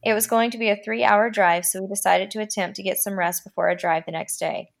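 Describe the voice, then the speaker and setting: A woman podcast host reading a horror story aloud, with a dramatic delivery that slows down for the creepy lines. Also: medium pitch, steady tone, gravelly.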